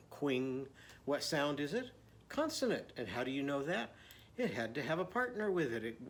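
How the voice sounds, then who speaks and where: A man's voice: on the high side, a little hiss or hum. A man teaching a children's phonics lesson, patiently sounding out syllables. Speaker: literacy teacher.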